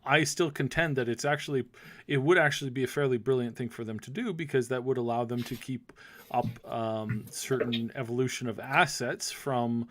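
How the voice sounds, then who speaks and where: A man's voice: mid-range voice, normal speed, fairly bright tone, a little hiss or hum. A man co-hosting a casual podcast, talking at length with frequent restarts and fillers. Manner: rambling, many restarts and fillers. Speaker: podcast co-host.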